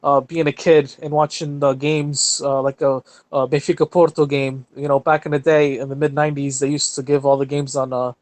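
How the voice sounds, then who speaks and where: A man's voice: fairly high pitch, flat delivery, brisk, few pauses, darkish tone, no echo. A male podcast co-host chatting casually, full of fillers and losing his train of thought.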